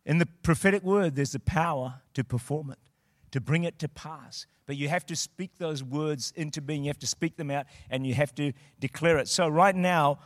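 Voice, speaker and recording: A man preaching a sermon as a pastor, swinging from quiet storytelling to shouted declarations. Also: fairly high pitch, moderate pace, no echo.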